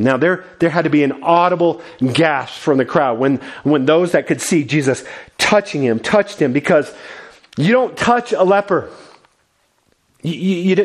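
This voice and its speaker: A man preaching a sermon, telling a scripture story with earnest, dramatic delivery. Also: mid-range voice. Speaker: pastor.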